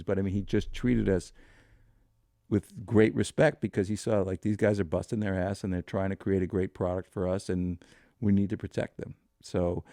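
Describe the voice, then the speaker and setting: Gravelly-voiced man telling a wild story. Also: fairly low pitch, no echo, clean studio sound. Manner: animated storyteller who swears freely. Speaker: podcast guest. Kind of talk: storytelling interview.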